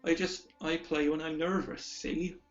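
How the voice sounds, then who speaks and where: A man voicing a nervous young male mountain gatekeeper who speaks haltingly, with many pauses. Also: on the high side, little pitch movement, soft background music, lightly acted. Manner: hesitant, halting, full of pauses. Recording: dull lo-fi recording.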